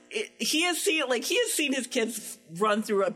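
A woman's voice: a little high, normal speed, faint music behind. A woman in her forties chatting casually, telling a parenting story and acting out the quotes. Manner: animated storyteller, acts out quotes. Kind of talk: casual chat.

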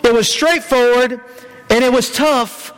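A man preaching a sermon as pastor, earnest, dropping low and slow to stress key lines. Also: steady tone, fairly bright tone, smooth.

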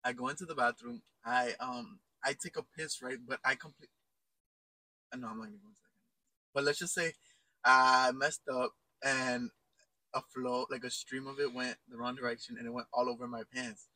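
A man's voice: mid-range voice, flat delivery, fairly quick, sharp tone, dry recording, low-quality recording. A young man co-hosting a casual podcast, losing his train of thought as he tells an embarrassing story. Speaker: podcast co-host. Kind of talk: casual chat.

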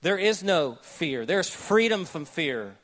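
A man preaching a sermon with a Southern US accent, joking with the congregation, then dropping to a hushed, slow delivery. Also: fairly high pitch. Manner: animated, jokey asides, shifts between loud and hushed delivery. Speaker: pastor.

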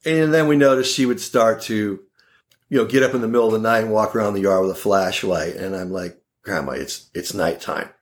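A man's voice: lowish voice, brisk. A man around sixty, an oral surgeon, telling funny family stories as a podcast guest in a wry, laughing way. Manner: animated, wry and laughing, with quoted voices. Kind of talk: casual storytelling in a podcast interview.

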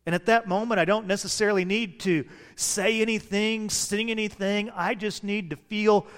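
A pastor delivers a sermon, telling stories with humor and shifting his pace. His voice sits higher than most men's. The sound carries a long reverb from a large hall. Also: steady tone, moderate pace, fairly bright tone.

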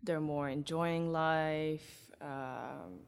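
A woman's voice: sits low, steady tone, very slow, gravelly, smooth. A young woman from Antwerp with a Flemish accent, chatting casually as a guest and laughing often as she explains. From Belgium (Antwerp). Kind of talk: casual chat.

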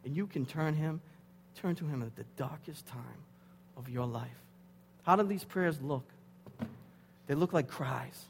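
A man in his thirties preaching a sermon, dropping to hushed tones and rising to loud, pleading intensity. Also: fairly high pitch, a little slow, gravelly, pauses often. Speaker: pastor. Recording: hall reverb with faint hum.

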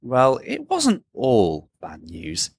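A man's voice: mid-range voice, wildly swooping pitch, takes it slowly, creaky, slightly rough. A man co-hosting a podcast, chatting casually about the news and leading with questions. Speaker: podcast co-host.

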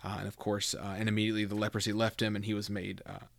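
A man's voice: lowish voice, monotone, fast, creaky, no echo. Dry, close-miked man teaching scripture. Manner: conversational, reads scripture aloud, frequent fillers and restarts. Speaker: podcast host teaching scripture. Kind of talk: casual Bible teaching podcast.

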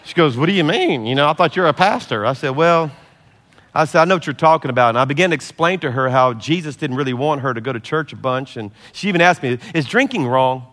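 A middle-aged man, a pastor, preaching a sermon with lively storytelling and laughter, easing into a soft, slow prayer. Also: on the high side. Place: large church hall.

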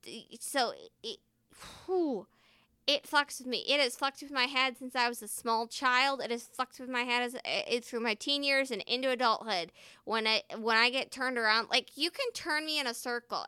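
A bright, clear-voiced woman talks in a loose, rambling way, swearing often and speaking her mind. She pitches a little high and sounds close and dry, like a casual vlog. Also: no room sound. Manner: candid, swears freely, rambling. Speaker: first responder.

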